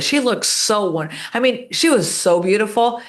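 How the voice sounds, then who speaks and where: A woman's voice: medium pitch, normal speed. A woman talking as a podcast guest, telling stories with energy and acting out the voices of the people she quotes. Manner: animated storyteller, acts out quoted voices. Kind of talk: casual interview talk.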